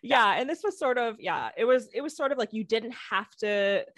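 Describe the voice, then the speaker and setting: A woman's voice: on the high side, lively intonation, normal speed, fairly bright tone, no echo, clean studio sound. A woman telling stories as a guest on a casual podcast, rambling with many fillers and restarts. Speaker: guest, former theme park employee.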